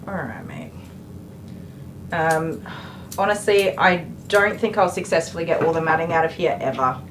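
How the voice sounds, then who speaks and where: A woman's voice: on the low side, slight background noise, low-quality recording. Soothing Australian woman coaxing a dog. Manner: soothing, coaxing talk to a dog, chatting to viewers. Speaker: dog groomer live-streaming. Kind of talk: live-stream commentary while grooming.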